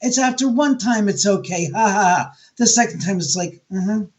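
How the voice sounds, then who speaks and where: Male radio guest, New York accent, high voice, animated storyteller who acts out dialogue. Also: moderate pace, dull audio. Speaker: guest, homeowner and author. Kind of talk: casual storytelling interview.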